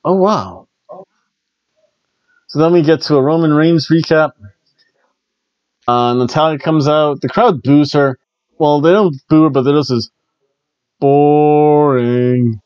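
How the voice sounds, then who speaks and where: A man's voice: fairly high pitch, unhurried, pauses often, darkish tone, no room sound, highs cut off. A man hosting a casual solo wrestling review, chatty and rambling, often stumbling and restarting his words. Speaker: wrestling show reviewer, host.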